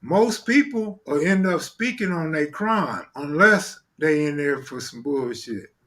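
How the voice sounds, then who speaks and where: High-pitched man in loose slang chat. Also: lively intonation, unhurried, bright, forceful tone. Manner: loose street slang, repeats "you know what I'm saying". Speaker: co-host. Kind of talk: casual chat.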